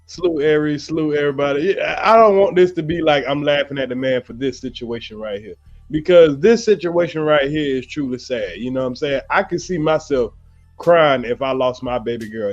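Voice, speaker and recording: A man's voice: fairly high pitch, a little fast, lo-fi sound, soft background music. A man hosting a livestream, giving casual, rambling commentary packed with fillers. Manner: loose, rambling, heavy on fillers like you know what I'm saying. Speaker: livestream host.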